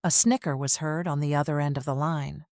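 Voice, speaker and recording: Low-voiced woman reading a story, dry. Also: fairly even intonation, fairly quick, darkish tone, no room sound. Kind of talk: scripted narration.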